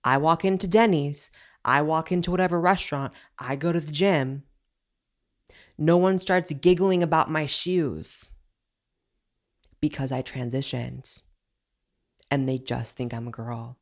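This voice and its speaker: A woman host delivering fired-up commentary in a fairly low voice, blunt and sarcastic throughout. She rants straight at her audience, with a faint clicking somewhere in the background. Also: unhurried, long pauses. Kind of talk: opinionated commentary.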